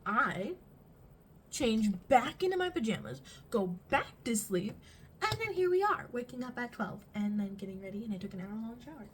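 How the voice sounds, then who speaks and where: A teenage girl talks through her makeup in a high, bright voice, rambling from one story to the next with lots of "like"s. She sounds close to a phone mic in her bedroom, with a faint hum of room ambience behind her. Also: normal speed, rough recording. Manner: rambling, animated storytelling with frequent fillers. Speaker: vlogger. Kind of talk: get-ready-with-me chat.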